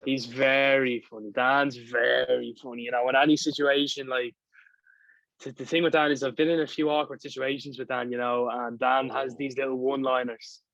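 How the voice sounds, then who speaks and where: Young man, Dublin accent, casual chat, rambling, dry recording, mid pitch. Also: level tone, normal speed, vocal fry, a bit bright, dry recording, poor audio. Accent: Dublin Irish. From Ireland. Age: young adult. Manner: rambling, full of "you know what I mean". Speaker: guest filmmaker.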